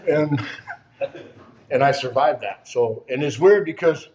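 A man's voice: mid-range voice, measured pace, darkish tone, low-quality recording. Earnest rambling man sharing recovery testimony. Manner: rambling, earnest storytelling full of "you know?". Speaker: speaker sharing his recovery story. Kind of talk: personal testimony at a recovery gathering.

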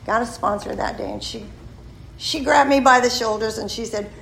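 Gravelly-voiced woman in her sixties. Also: on the high side, moderate pace, a bit bright, poor audio. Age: 60s. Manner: candid, self-deprecating storytelling. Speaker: member sharing at a recovery meeting. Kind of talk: personal testimony.

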